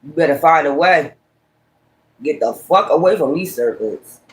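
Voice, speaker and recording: A little slow but animated, a man speaks in a fairly high pitch with a Brooklyn, New York accent. He's doing a tarot reading on a casual livestream and ranting at his critics, profane and combative.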